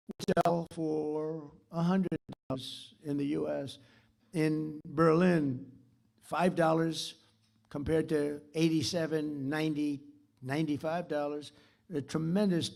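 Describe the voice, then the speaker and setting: A man's voice: fairly high pitch, gravelly, darkish tone. An older man giving a rambling, boastful, repetitive off-the-cuff keynote speech. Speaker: keynote speaker.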